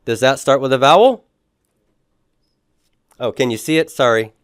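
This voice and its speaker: A man's voice: mid-range voice, expressive, normal speed, clean tone, dry recording, studio quality. A man teaching a beginners' Greek lesson, explaining patiently and often checking in with "okay?". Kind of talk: classroom lecture.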